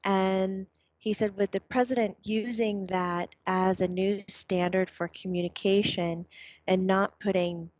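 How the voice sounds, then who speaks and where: A woman in casual conversation, talking in a middle pitch and passing along what someone else said, with lots of "um" and "you know." The recording sounds dull and lo-fi, with a dry, close sound and no room echo. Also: unhurried. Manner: relays quotes in a chatty, animated way with fillers. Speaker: medium relaying her son's words. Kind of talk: casual chat.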